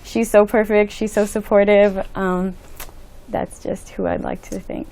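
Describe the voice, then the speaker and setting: A teenage girl, a graduating student, softly giving heartfelt thanks in an interview, with many fillers. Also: medium pitch, little pitch movement, measured pace. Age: late teens. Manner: soft-spoken, gushing thanks with many fillers. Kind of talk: interview answers.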